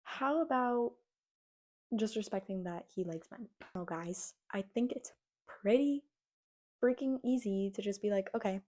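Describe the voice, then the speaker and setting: A young woman vlogging her opinions in a casual, animated, exasperated way, often mimicking the people she criticizes. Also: medium pitch, a little slow. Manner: animated, exasperated, mocks others in quoted voices. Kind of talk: casual opinion rant to camera.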